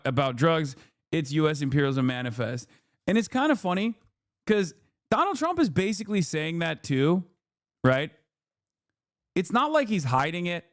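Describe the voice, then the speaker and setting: A man streaming live commentary on the news, sarcastic and profane, with frequent fillers and rhetorical questions. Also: fairly high pitch. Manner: mocking and rhetorical.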